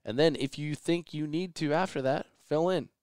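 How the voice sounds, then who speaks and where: A man co-hosting a podcast in casual chat, easygoing and halting, with frequent restarts. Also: fairly high pitch, a little mellow, smooth, dry recording, clean studio sound.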